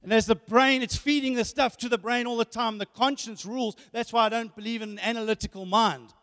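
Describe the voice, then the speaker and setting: A man preaching a sermon, animated, often repeating words and asking rhetorical questions. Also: extremely high pitch, fairly quick. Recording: hall reverb.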